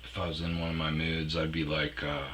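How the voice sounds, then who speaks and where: A man's voice: very deep voice, monotone, a little fast, fairly bright tone, a little hiss or hum, low-quality recording. A man telling a rambling personal story in a casual, profane way, trailing off with fillers. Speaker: storyteller host.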